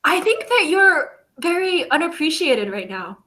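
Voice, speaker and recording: High, bright woman playing cheekily. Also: very animated. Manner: quick, joking, playfully cheeky. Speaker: player. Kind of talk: casual tabletop play.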